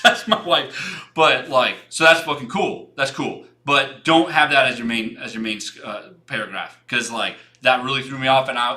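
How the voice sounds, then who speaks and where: A man's voice: mid-range voice, bright, forceful tone. A young man hosting a design livestream, giving frank, rambling portfolio feedback with many restarts and some casual swearing.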